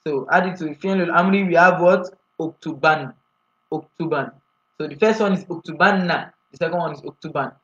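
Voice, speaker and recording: A man gives a grammar lesson in a slightly higher voice, walking through each rule in order and pausing to ask his students for the next answer. The recording is muffled and lo-fi. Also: a bit bright. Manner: explains step by step, often asks the class "what?". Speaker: Arabic grammar teacher. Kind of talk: classroom lecture.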